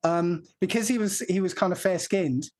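A man's voice: high voice, moderate pace, a little mellow. A man from England explaining a point at length in casual conversation, laughing now and then.

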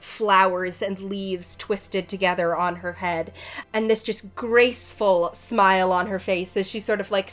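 A woman's voice: mid-range voice, a bit bright. Casual woman game master. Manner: casual, filler-heavy narration. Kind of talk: narrating a tabletop game.

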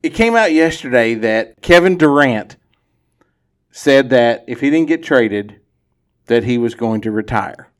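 A man's voice: medium pitch, lively intonation, measured pace. A man hosting a casual sports podcast, easygoing and opinionated, laughing often. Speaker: podcast host.

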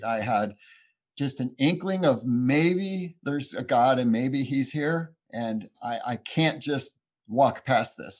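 A man giving a personal faith testimony in an earnest, halting, reflective way, often restarting his sentences. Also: medium pitch. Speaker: speaker sharing a personal testimony.

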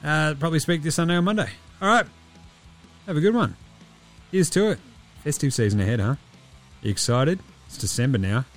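A man's voice: on the high side, expressive, fairly quick, long pauses, faint music behind. Sweary, laid-back Australian man with a tired voice. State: voice tired, giving out. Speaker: podcast host. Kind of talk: casual sports podcast picks.

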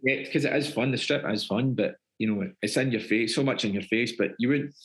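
A man's voice: medium pitch, fairly quick, fairly bright tone, rough recording. A Scottish man, a guest actor, chatting casually in a rambling way with plenty of fillers. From Scotland. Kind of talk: casual interview chat.

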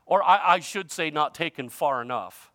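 A male pastor preaching a sermon in a conversational way, using informal grammar, his voice shifting from loud emphasis to quiet. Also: fairly high pitch, expressive, moderate pace, no echo.

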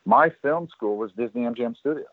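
A man with a medium-pitched, creaky voice talks a little fast and expressively, with no echo, over a tinny phone-like line. As a guest in a casual storytelling interview, the former studio worker rambles about his years there with lots of fillers and restarts.

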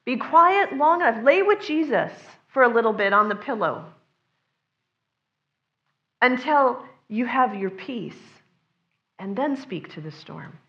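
A woman's voice: fairly high pitch, big pitch swings, takes it slowly, pauses often, fairly bright tone, highs cut off. A woman preaching a sermon in an earnest, conversational way, sometimes acting out the voices of the people she quotes.

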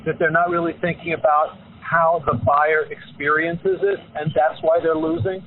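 A man's voice: on the high side, little pitch movement, moderate pace. A man hosting a podcast interview, probing with questions and restating his guest's points. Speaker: podcast host. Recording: tinny phone-line sound with faint noise.

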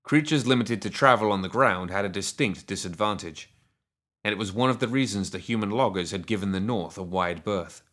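Man, lowish voice, audiobook narrator, steady measured storytelling. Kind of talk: scripted fantasy narration.

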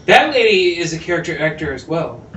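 A man's voice: fairly high pitch, big pitch swings, a little fast, a bit bright. A man co-hosting a podcast, chatting casually about a movie, reading trivia aloud and cracking jokes. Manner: chatty, reads trivia aloud, jokey asides. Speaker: podcast co-host. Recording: roomy echo.

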